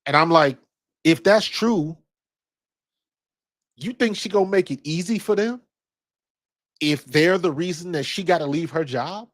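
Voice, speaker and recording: A man in his fifties from Ohio, USA, talks basketball casually, drifting into personal storytelling, blunt and slangy with some profanity. His voice is a little high and a little slow, with long pauses.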